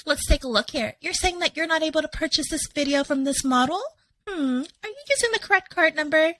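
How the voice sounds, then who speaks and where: A woman's voice: high-pitched, lively intonation, a little fast, pushed and bright, a little hiss or hum, voice pushed up, poor audio. A woman putting on a sugary call-center agent voice. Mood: sugary polite. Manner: sugary scripted customer-service politeness. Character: overly polite female call-center agent.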